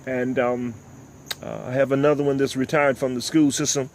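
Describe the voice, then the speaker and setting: An older man, hosting a talk show and delivering impassioned, preachy commentary, often repeating "ladies and gentlemen.". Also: medium pitch, level tone, moderate pace, slight background noise. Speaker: host.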